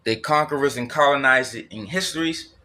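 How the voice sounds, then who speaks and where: Man ranting in a forceful bright voice. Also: mid-range voice, moderate pace. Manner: blunt, profane and repetitive, circling back over points. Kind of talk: solo ranting monologue.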